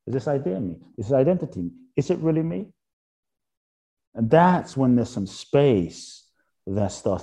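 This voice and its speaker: A man talking as an interview guest in a reflective spiritual conversation. He asks repeated rhetorical questions and drops soft and slow on key points. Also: fairly low pitch.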